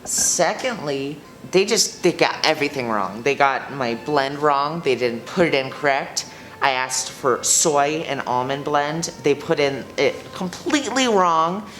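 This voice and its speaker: A woman's voice: sits low, expressive, a little slow, fairly bright tone. A young woman playing Karen, an entitled new group member, ranting indignantly in a student sketch comedy.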